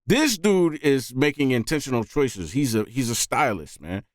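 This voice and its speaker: A man hosting a music reaction video, talking casually and excitedly and often saying "man". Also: medium pitch, moderate pace, dry recording, studio quality. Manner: animated, often says "man".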